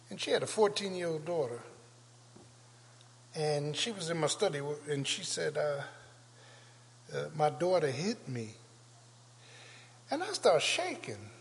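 An older male pastor preaching a sermon with call-and-response, building to shouts. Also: high-pitched. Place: church sanctuary. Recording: long church reverb.

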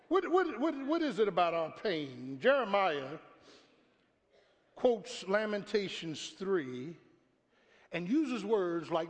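A middle-aged pastor preaching a sermon, telling stories and calling out to his congregation, sometimes shouting. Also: sits high, sing-song, unhurried. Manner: storytelling preacher, shouting at climaxes, talks to the congregation. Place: church hall before a congregation. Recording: live church recording with long reverb.

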